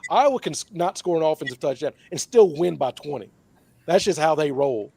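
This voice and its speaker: A man's voice: fairly high pitch, animated, fairly quick, vocal fry, a little mellow, husky, no room sound. A man on a sports panel, trading teasing, laughing banter in casual chat.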